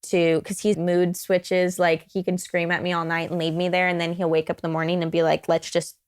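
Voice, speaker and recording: A woman's voice: on the low side, a little fast, clear, resonant tone. Young woman on a podcast just telling her story, kinda rambly, keeps going off on little asides. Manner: animated, rambling retelling with many asides. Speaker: podcast guest. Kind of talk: casual storytelling.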